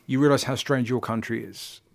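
A comedian in relaxed conversation, telling stories with an animated, laughing delivery. His voice sits in an ordinary middle range, and he restarts his sentences often as his ideas tumble out. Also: medium pitch, fairly quick, creaky. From England. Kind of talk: casual chat.

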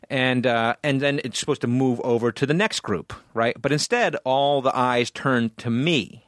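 A man co-hosts a casual podcast, winding through an anecdote with plenty of fillers, restarts and asides. His voice sits at an ordinary middle pitch. The recording is dry and close, with no room sound. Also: normal speed, a bit bright, dry recording. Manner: rambling, lots of fillers and restarts. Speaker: podcast co-host. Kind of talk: casual storytelling chat.

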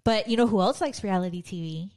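Chatty woman, mid-pitched. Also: quick pace, a little mellow. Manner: chatty, laughs easily, retells stories with quotes. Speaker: podcast co-host. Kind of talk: casual chat.

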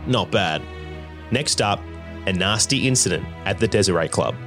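A man with a fairly low voice reads scripted documentary narration. He delivers short, wry, punchy lines. Music plays clearly beneath him. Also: lively intonation, normal speed.

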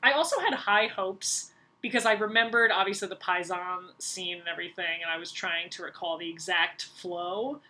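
Bright-voiced woman, animated podcast chat. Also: fairly low pitch, normal speed. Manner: animated, acts out reactions in quotes. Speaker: podcast co-host. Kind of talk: casual chat about a TV series.

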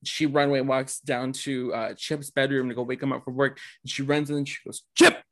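A man's voice: mid-range voice, flat delivery, fairly quick. A man co-hosting a casual podcast who retells film scenes chattily, giggling and acting out the characters' lines. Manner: giggly, chatty, acts out lines in mock voices. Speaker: podcast co-host. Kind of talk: casual chat recapping a film.

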